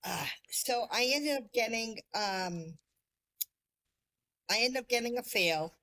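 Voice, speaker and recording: A woman who is a podcast guest, telling her story in a casual, lively way, laughing often and poking fun at herself. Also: fairly high pitch, slow pace.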